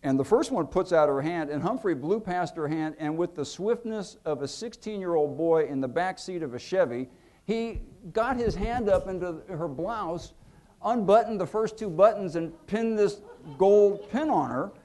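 A man in his fifties, an author telling anecdotes to an audience at a museum event, acting out quotes with lively pitch and volume. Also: moderate pace. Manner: animated, acts out quotes with lively shifts in pitch and loudness. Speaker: author giving a book talk.

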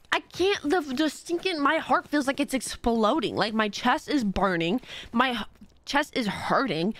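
Chatty young woman streaming, bright voice. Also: on the high side. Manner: chatty, bubbly, reacting to chat. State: out of breath. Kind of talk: casual chat while gaming.

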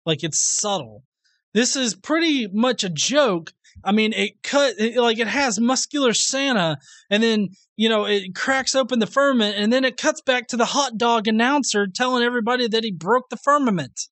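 A man's voice: extremely high pitch, lively intonation, normal speed, a bit bright, no echo. A man hosting a reaction commentary video, sarcastic and profane, laughing often at what he responds to.

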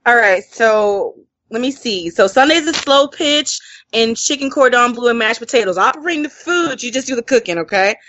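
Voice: medium pitch, expressive, moderate pace, pushed and bright, no echo, lo-fi sound. An interview host from the northern US, joking and teasing through casual chat.

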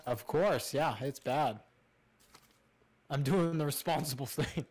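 A man's voice: fairly high pitch, takes it slowly, darkish tone. A man playing a game alongside a streamer, teasing his friend, swearing and laughing often. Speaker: co-player. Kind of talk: casual gaming stream chat.

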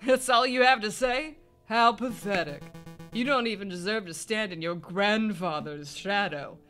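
A scornful aristocratic bird lady who talks down with cold, haughty contempt, voiced by a player reading a game. The tone is bright, with faint music behind. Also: mid-range voice, a little slow, lightly acted.

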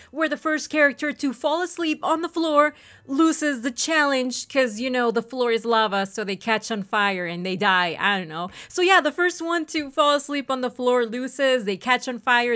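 A young woman with a slightly high-pitched voice hosts a life-sim let's-play. She narrates in a chatty, excitable way, gushing over what the characters do and talking straight to her viewers. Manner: excitable, gushing, addresses the audience as ladies and gentlemen. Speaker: gaming channel host.

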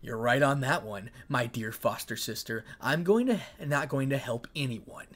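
A man's voice: medium pitch, normal speed. A man doing a cold, sneering young villain. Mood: mocking. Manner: flat, cold and sneering delivery.

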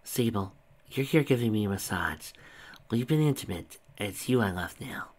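A nonchalant, whimsical mature woman, a school principal, speaks in a low register, as a man reads her lines. The reading stays relaxed and conversational, and the voice sits below most men's. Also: moderate pace. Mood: teasing.

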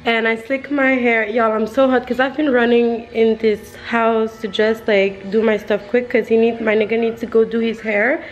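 A woman's voice: a little high, level tone, moderate pace, few pauses, dull audio. A young woman chatting casually in her beauty vlog, rambling and often calling out to her viewers. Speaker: beauty vlogger.

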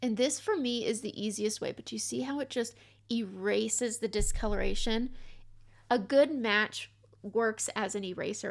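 A woman's voice: fairly high pitch, vocal fry. A woman in her forties chatting casually through a step-by-step makeup tutorial, joking about herself as she goes. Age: 40s. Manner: chatty, self-deprecating, step-by-step instructing.

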